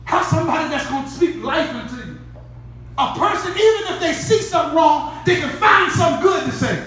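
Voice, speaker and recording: A woman preacher delivers a sermon in a fiery, conversational way, swinging from easy talk to shouts and laughing asides. Her pitch leaps around with lively energy. She is heard from a distance in a very echoey church, with a faint hum of noise underneath. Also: fairly quick. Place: church sanctuary.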